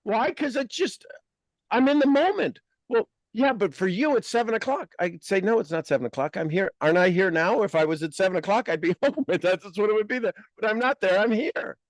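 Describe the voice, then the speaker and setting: A man hosting a casual podcast conversation as a life coach, talking in an emphatic, blunt and animated way. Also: sits high, a little fast, no room sound, studio quality.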